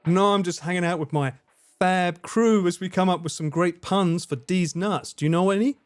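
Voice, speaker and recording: A man's voice: sits high, moderate pace. A man streaming a game live, joking with chat, swearing and laughing often. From United Kingdom. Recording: game music loud behind. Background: game music.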